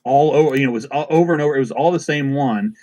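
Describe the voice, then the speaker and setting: Man, podcast co-host, mid-pitched voice, relaxed wry storytelling, lots of uh and you know. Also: very fast. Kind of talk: casual storytelling chat.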